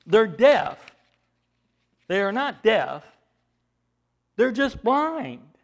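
A male preacher with a high voice that leaps up and down as he retells a story. He fires rhetorical questions at the congregation and swings from loud emphasis to hushed asides. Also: big pitch swings, drawn-out words, creaky. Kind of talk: sermon.

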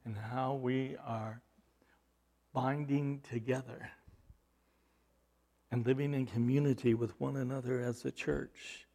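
A man preaching a sermon, asking the congregation rhetorical questions and swinging from loud emphasis to hushed, low delivery. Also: steady tone, slow pace, gravelly, pauses often. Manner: repeats words and restarts, rhetorical questions. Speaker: pastor.

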